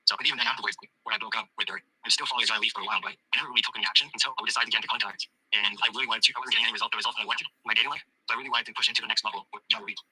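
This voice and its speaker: A young man giving a coaching testimonial, rambling quickly with lots of fillers and restarts, speaking in a fairly monotone way. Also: lowish voice, no room sound, low-quality recording. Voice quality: husky, monotone. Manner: fast, filler-heavy rambling with many restarts.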